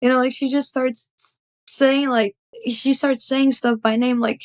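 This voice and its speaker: A woman's voice: high-pitched, fairly even intonation, unhurried, no echo. A young woman telling an emotional personal story as an interview guest, rambling with many fillers.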